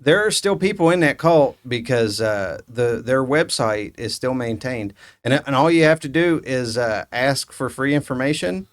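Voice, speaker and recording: A man's voice: mid-range voice, animated, normal speed, few pauses. A man co-hosting a casual podcast chat, telling stories in a rambling way and often laughing. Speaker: podcast co-host.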